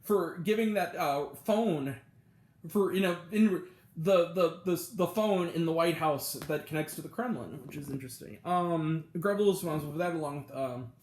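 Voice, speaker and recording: Man, movie review host, casual and rambling, many ums, a bit high-pitched, echoey room. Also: normal speed, a little mellow. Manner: rambling, full of ums and self-corrections. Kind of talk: casual spoken film review.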